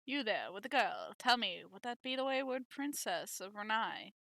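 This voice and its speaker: A woman's voice: mid-range voice, sing-song, normal speed, creaky, sharp tone, dry recording, exaggerated voice. A woman reading aloud as a cruel, mocking male villain general who rides a dragon. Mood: taunting. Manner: mocking, taunting.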